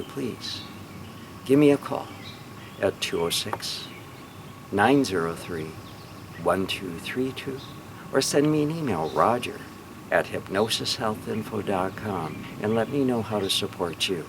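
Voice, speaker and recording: Earnest, encouraging middle-aged man, low voice. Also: expressive, unhurried, vocal fry. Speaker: hypnotherapist. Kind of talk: personal testimonial to viewers. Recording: noticeable background noise.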